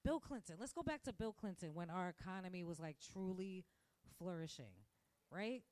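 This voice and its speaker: A woman with a low-ish, darkish voice and lively intonation hosts a podcast at normal speed, delivering a casual, rambling rant from the restaurant where she works. She acts out quoted voices and laughs often, with faint music behind the dry recording.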